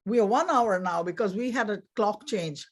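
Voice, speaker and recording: A woman's voice: mid-range voice, normal speed. A woman chatting casually on a video call before an online session, laughing easily and planning aloud.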